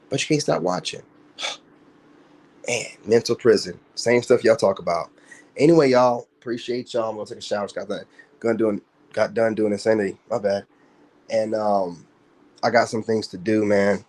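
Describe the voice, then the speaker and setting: A man's voice: mid-range voice, darkish tone. A man ranting on his livestream in a taunting, boastful way, with slangy, profane talk. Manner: taunting, trash-talking, boastful. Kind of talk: casual livestream rant.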